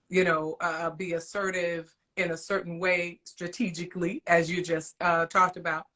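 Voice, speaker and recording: Middle-aged female interviewer, lowish voice, chatty and casual. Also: pushed and bright.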